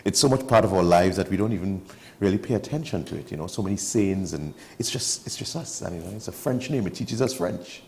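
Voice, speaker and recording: Man, Trinidadian accent, lowish mellow voice, chatty TV guest who jokes while explaining. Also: expressive, a little fast, hardly any pauses, slight background noise. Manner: chatty, joking, explains with local sayings. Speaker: studio guest explaining wildlife. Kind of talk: casual chat on a morning TV show. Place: TV studio.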